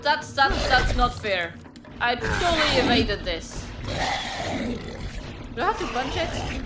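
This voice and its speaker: A woman streamer narrating a game she plays for the first time, fretting out loud and cursing at it. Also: high voice, sing-song, unhurried, pauses often. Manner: swears often and frets loudly at the game. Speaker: gaming streamer. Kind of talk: blind let's play commentary. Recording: loud game music behind voice.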